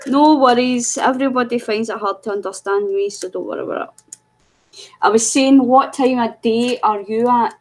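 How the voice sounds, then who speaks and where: A woman's voice: a little high, a little mellow, low-quality recording. A woman co-hosting a casual livestream, chatting and firing off friendly questions to viewers while losing her voice a little. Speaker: livestream co-host.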